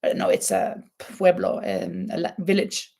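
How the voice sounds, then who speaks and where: A woman's voice: lowish voice, sing-song, measured pace, vocal fry, mellow. A woman with a Norwegian accent chatting casually on a live stream, laughing often and reading out viewer comments. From Norway. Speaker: crochet channel host.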